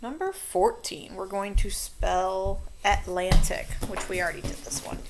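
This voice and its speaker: A woman teaching a children's spelling lesson, dictating words slowly and walking through how to mark each syllable. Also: mid-range voice, very animated, music in the background. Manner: slow, stretched-out word dictation.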